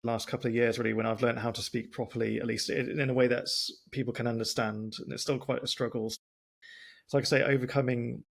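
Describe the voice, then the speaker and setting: A male podcast host with a strong Oxford accent and a deeply gravelly, creaky voice. He talks in a relaxed interview chat, choosing his words carefully and slowly. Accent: Oxford English. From England. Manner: deliberate, careful pacing, works to speak slowly.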